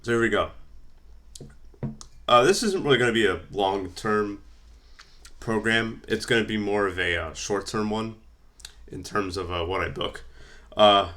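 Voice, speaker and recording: Deep-voiced rambling man. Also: measured pace, pauses often, a bit bright. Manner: rambling, many fillers, reading from notes. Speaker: wrestling vlogger. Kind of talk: casual fantasy-booking commentary.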